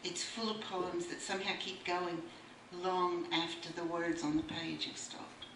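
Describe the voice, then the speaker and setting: Recorded from afar in an echoey bookshop room with faint noise, a woman with a lowish voice gives a wry book launch speech and reads a poem aloud. Her intonation stays fairly even and her pace is measured.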